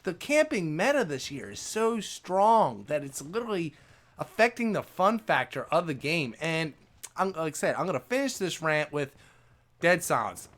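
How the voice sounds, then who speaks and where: A man's voice: on the high side, normal speed. A man, a gaming YouTuber, ranting casually to his viewers in a loose, conversational way. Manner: animated, conversational, lots of "man" and "you know".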